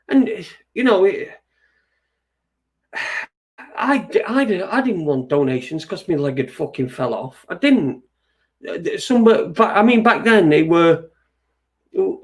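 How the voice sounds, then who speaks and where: A man's voice: fairly high pitch, gravelly. A man hosting an internet radio show, ranting in a sweary, agitated, rambling way with many restarts. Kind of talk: ranting monologue.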